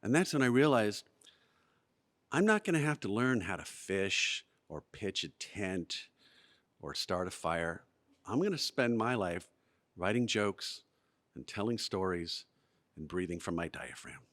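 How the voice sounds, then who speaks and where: Lively man telling a comic story. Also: low voice, unhurried. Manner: animated, lively delivery with comic timing. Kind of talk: live storytelling performance. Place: museum event space, live audience.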